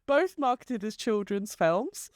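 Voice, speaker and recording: A woman's voice: mid-range voice, expressive, slow, dry recording. A woman co-hosting a casual chat, talking freely and laughing often. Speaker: podcast co-host.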